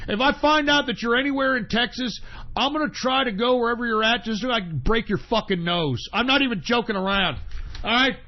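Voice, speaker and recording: A man hosting a talk radio show, ranting in a profane, combative way that swings between shouting and grumbling. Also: very high voice, fairly quick. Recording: dull lo-fi sound.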